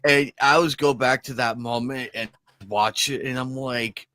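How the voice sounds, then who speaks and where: Male co-host, bright forceful voice, animated and jokey, dry sound. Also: medium pitch, no echo. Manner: animated, quick to laugh, jumps into mock voices. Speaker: podcast co-host. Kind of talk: casual livestream chat.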